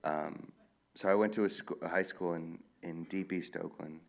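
A man, an author, answering audience questions in a relaxed, rambling storytelling way at a live event. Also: sits low, normal speed, creaky. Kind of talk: casual Q&A talk.

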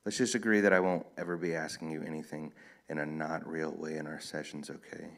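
A man reading aloud as a male therapist, speaking in a measured, reassuring way. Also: rumbling low, little pitch movement. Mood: earnest. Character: male therapist, calm and earnest.

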